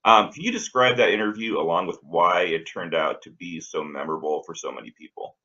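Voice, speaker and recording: A man hosting an interview, asking questions in a measured way with some hesitant fillers. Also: sits low, sharp tone. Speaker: interview host. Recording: dull lo-fi sound.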